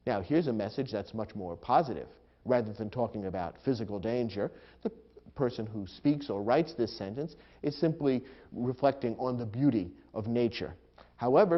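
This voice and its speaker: A man giving a scripted grammar lesson, explaining in a measured way and acting out example sentences. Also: medium pitch. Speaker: grammar instructor. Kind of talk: scripted instructional narration. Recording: dull lo-fi recording.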